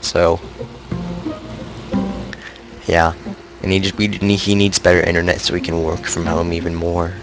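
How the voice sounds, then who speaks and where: A man with a very low voice, stuffy from a cold, chatting through his game in a loose, rambling way. He keeps talking over his own mistakes and laughs them off, while faint music plays in the background. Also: completely flat delivery, measured pace, pauses often, low-quality recording. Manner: rambling, self-deprecating, thinking aloud. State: congested with a cold. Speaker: game streamer. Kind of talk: casual let's-play commentary.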